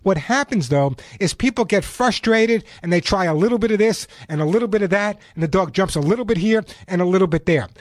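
A man's voice: high voice, expressive, fairly quick, hardly any pauses, no room sound. A man hosting a call-in radio show on pets, chatting, telling stories and giving step-by-step advice. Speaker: radio show host, pet expert. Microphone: studio microphone.

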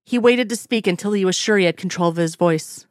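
A woman reading a romance story aloud in a steady, unhurried way. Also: mid-range voice, no echo, clean studio sound. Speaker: reader. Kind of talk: fan fiction read aloud.

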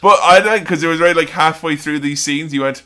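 A man with a bright, forward voice chats through a film scene by scene. His talk is loose and jokey, and he slips quoted lines from the film into it. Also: fairly high pitch, a little fast. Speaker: podcast co-host. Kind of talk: casual film recap chat.

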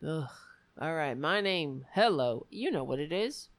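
A woman's voice: low voice, expressive, a little slow. A woman ranting sarcastically on a livestream, hurling repeated insults. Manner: angry, sarcastic, repetitive insults. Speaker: livestream commentator. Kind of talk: ranting live commentary.

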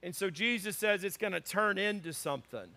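A male pastor preaching a sermon to a congregation, telling funny personal stories in an animated way. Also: high-pitched, fairly quick. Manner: animated storytelling with humor. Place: church before a congregation.

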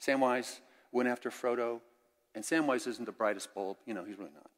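An older man preaching a sermon as pastor, candid and conversational, swinging between loud and hushed. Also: mid-range voice, fairly quick. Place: church sanctuary. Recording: long church reverb.

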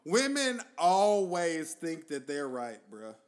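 A man's voice: on the high side, very animated, slow pace. A man co-hosting a podcast, blunt and profane, agreeing emphatically in casual banter. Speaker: podcast co-host.

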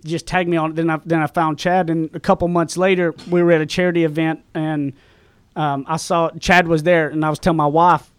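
A man's voice: on the high side, flat delivery, fast, clean tone, no echo. A man in his thirties with a Southern accent, chatting casually on a podcast and rambling through stories. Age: 30s.

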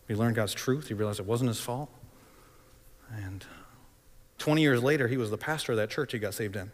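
A man's voice: mid-range voice, a little fast. Man preaching in a reverberant hall. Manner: dramatic, swings between loud and hushed. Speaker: pastor. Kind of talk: sermon storytelling.

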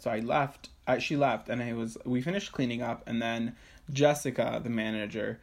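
A young man tells a story on a podcast, speaking at a middling pitch. He talks from his room at home, swears freely and slips into the voices of the people he quotes. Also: moderate pace, gravelly. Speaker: podcast co-host. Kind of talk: casual chat.

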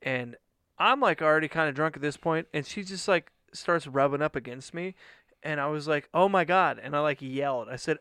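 A man telling stories in casual chat, animated and profane, acting out quotes loudly. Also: a little high, normal speed, smooth, no room sound, studio quality.

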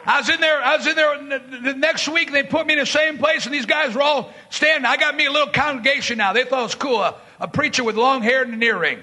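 A man preaching a fiery sermon, telling stories from his street and jail ministry and shouting his main points. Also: very high-pitched, quick pace, hardly any pauses, some chatter behind. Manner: shouting bursts, dramatic retelling with voiced quotes.

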